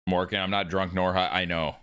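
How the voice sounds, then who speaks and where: A man's voice: low-pitched, little pitch movement, a little fast, fairly bright tone, clean tone. A man live streaming a video game, chatting with his viewers in a casual, joking way and swearing freely. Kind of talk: live stream chat while gaming.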